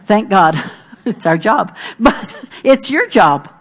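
A woman's voice: mid-range voice, very animated, slow, slightly rough. A middle-aged woman preaching a sermon, earnest and emphatic, repeating her key phrases.

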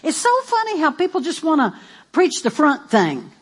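A woman preacher with a high-pitched voice delivers a sermon. She is animated and emphatic, with playful asides and repeated declarations. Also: moderate pace.

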